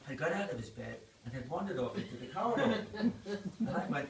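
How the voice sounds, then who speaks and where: A man's voice: on the high side, sing-song, fairly quick, a loud crowd. An Irish man in his fifties, a doctor, giving a birthday speech full of anecdotes and laughing through his punchlines. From Ireland. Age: 50s. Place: indoor party venue. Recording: echoey, distant, noisy party room.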